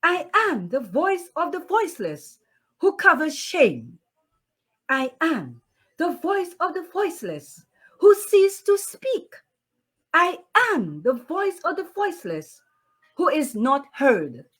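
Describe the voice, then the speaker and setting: A woman poet chatting in an interview, then reciting her poem in a declamatory way with repeated refrains. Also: high-pitched. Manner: slow, lively, declamatory reading with repeated refrains. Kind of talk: casual interview and poetry recitation.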